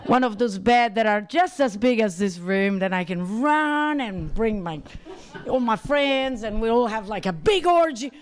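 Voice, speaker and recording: A man's voice: sits high, expressive, unhurried. A man doing open-mic stand-up in a crude, rambling, self-mocking way. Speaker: stand-up comedian.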